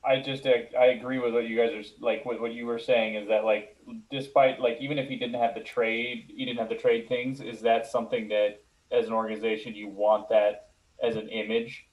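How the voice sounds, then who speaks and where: A man's voice: mid-range voice, little pitch movement, a little fast. A man in a casual sports chat who hesitates and searches for his words. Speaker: fan panelist. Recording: dull distant remote audio.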